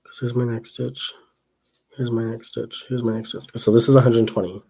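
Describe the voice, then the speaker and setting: A man's voice: medium pitch, flat delivery, moderate pace, creaky, mellow, husky. A young man hosting a casual crochet livestream, chatting in a rambling way, reading viewer comments aloud and counting stitches under his breath.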